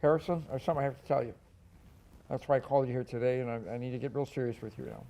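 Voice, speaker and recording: A man's voice: medium pitch, rapid-fire, warm tone, lightly acted. A man doing a comedic impression of a film director who stammers, repeats himself and calls everyone "pal". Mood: chatty, rambling. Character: impression of a famous film director, fast-talking and fumbling.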